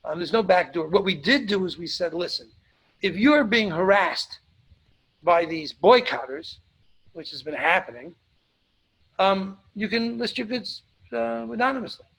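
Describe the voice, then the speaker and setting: Man, webinar host, live Q&A, blunt, emphatic, repeats points, slightly high voice. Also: lively intonation, moderate pace, gravelly, fairly bright tone, breathy edge, rough recording. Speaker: webinar host answering audience questions.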